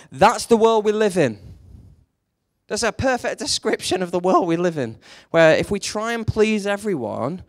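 A man preaching a sermon, telling a story with lively energy and briefly acting out the characters in it. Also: high voice. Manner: animated storytelling, acts out quoted characters.

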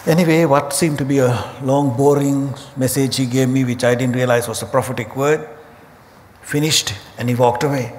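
A man preaching a sermon, telling humorous stories in an animated way. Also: mid-range voice. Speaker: pastor. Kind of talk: sermon storytelling. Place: church auditorium. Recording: hall reverb with faint ambient noise.

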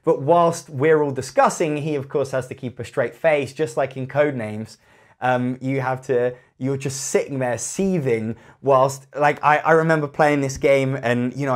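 A man with a croaky voice reviewing party games in a chatty, animated way, acting out his friends' remarks. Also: mid-range voice. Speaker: board game reviewer. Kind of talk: casual video review.

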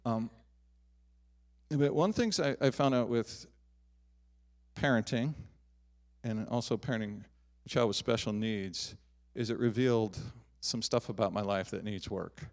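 A middle-aged man preaching a sermon as pastor, swinging from loud emphatic declarations to soft, quiet asides. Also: lowish voice, a little slow. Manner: animated preaching, rising loud on emphatic lines, dropping soft on personal asides. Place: church sanctuary.

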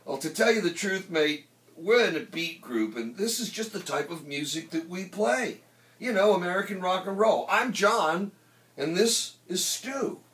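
A man voicing a swaggering young rocker from Liverpool with a Liverpool accent, talking in excitable, shouting bursts. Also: sits high, measured pace, voice pushed up. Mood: eager. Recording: roomy, distant mic.

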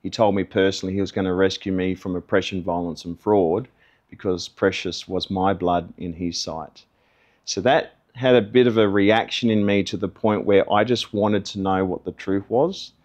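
A man's voice: low voice, steady tone, moderate pace, darkish tone. A middle-aged man gives a personal testimony, telling his story in an earnest, conversational way. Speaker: testimony guest.

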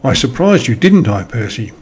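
A man voicing an excitable young female squirrel in a storybook, high and fretful. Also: natural voice. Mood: playful. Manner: high and fretful, quick to wail.

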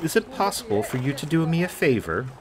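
A man's voice: on the high side, sing-song, fast talker, voice pushed up. A man putting on a fed-up woman dressmaker. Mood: exasperated. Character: female Parisian dressmaker, exasperated, scheming.

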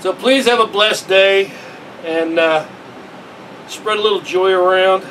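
A man's voice: sits high, measured pace, fairly bright tone, slight background noise, poor audio. A man giving a casual, rambling vlog monologue, earnest and preachy and breaking into chuckles. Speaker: vlogger.

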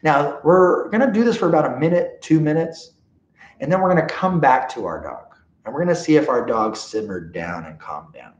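A man leading a live dog training seminar, animated and often checking in with his listeners. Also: a little high. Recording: roomy, dull lo-fi sound.

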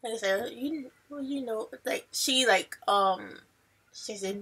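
A woman vlogger giving an excited, rambling reaction to a movie trailer, gushing and talking in loose run-on thoughts. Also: fairly high pitch, takes it slowly, slightly rough.

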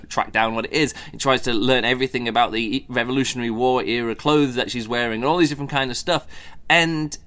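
Man of middle pitch, casual podcast reviewer, loose and rambling, fond of mocking little impressions. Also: fairly bright tone. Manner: rambling, many fillers and restarts, mocking mimicry. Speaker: podcast host reviewing a book.

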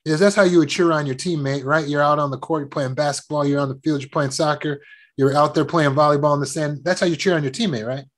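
A man's voice: a little high, fairly even intonation, quick pace. A man telling a personal childhood story and giving self-help advice as a trauma recovery coach, often repeating words and laughing as he talks.

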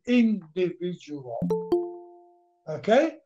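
A man's voice: high voice, animated, slow pace, a little mellow, soft background music. A man lecturing a class on literature, repeating himself, asking questions and answering them, and dropping a few words of Arabic. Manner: switches into Arabic briefly. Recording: dull lo-fi recording.

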